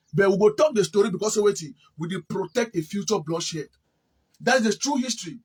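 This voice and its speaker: A man from Cameroon talks in a Cameroonian Pidgin English accent, telling a long, loose history account. His voice sits high and sounds breathy and husky. He often stalls and repeats words while he hunts for the next one. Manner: rambling, repeats words when searching. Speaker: interviewee. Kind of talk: casual spoken history account.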